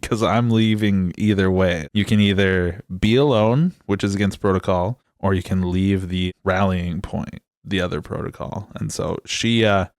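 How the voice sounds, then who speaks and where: Low-voiced man rambling casually on a podcast. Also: no echo, studio quality. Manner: rambling, joking, full of fillers. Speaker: podcast co-host. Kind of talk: casual gaming podcast chat. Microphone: studio mic at desk.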